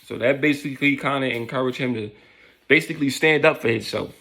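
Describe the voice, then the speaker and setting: A man's voice: mid-range voice, brisk, pushed and bright. A man casually telling a story in loose street slang, with lots of fillers.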